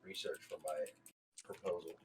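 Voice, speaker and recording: A man's voice: sits low, fairly even intonation, normal speed. A young man on a casual group podcast, explaining ideas in a lecturing, know-it-all way. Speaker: podcast co-host. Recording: noisy background hiss.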